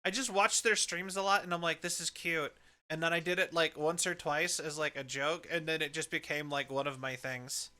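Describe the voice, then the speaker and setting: Man, slightly high voice, very bright; laid-back streamer telling stories. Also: steady tone, moderate pace, hardly any pauses. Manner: easygoing storyteller, many fillers. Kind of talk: casual chat on a livestream.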